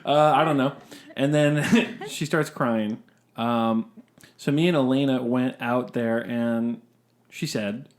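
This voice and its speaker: A casual podcast co-host who reads listener ghost stories aloud with hesitant restarts and little asides between lines. His voice sits at an ordinary middle pitch, and his manner is relaxed and conversational. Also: a little slow. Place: podcast recording session with co-hosts.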